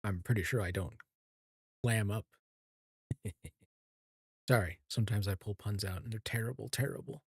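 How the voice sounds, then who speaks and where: Calm, quiet male streamer in his thirties; low, breathy tone, halting delivery full of ums. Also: no echo, clean studio sound. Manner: calm, soft-spoken and even; hesitant, with many fillers and restarts. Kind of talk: casual chat while streaming a game. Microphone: streaming mic with equalizer.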